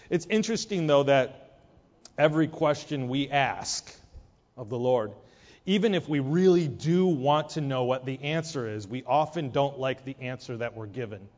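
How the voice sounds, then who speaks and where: A man preaching a sermon, emphatic and animated, who acts out whiny prayers in a mocking voice. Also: medium pitch, moderate pace. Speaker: pastor. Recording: dull lo-fi sound with long hall reverb.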